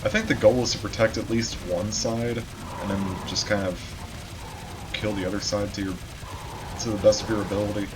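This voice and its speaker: A man's voice: lowish voice, fairly even intonation, normal speed, noisy background. A man giving casual, chatty commentary over his own gameplay, swearing now and then and joking at himself. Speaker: gamer. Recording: game music behind. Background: game music and keyboard typing.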